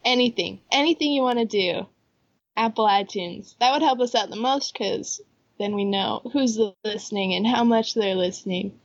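A woman co-hosting a podcast in casual chat, upbeat and giggly, with a head cold that makes her voice a little husky. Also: mid-range voice, moderate pace, dry recording, lo-fi sound. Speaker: podcast co-host.

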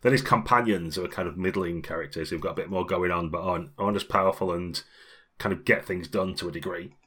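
Very deep-voiced British man chatting. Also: quick pace, a bit bright, slightly rough. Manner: chatty, rambling, laughs often. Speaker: podcast co-host. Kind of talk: casual podcast chat.

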